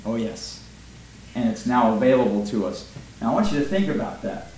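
A male pastor preaching a sermon emphatically, asking his congregation questions and swinging between loud and soft delivery. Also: mid-range voice, lively intonation, moderate pace, very echoey, a little hiss or hum, rough recording.

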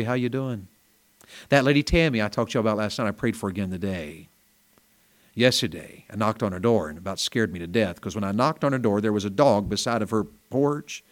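A man preaches a revival sermon in a small church, his voice at a middle pitch. He talks in a folksy, storytelling way, chatting with the congregation, then climbs to loud, emphatic peaks.

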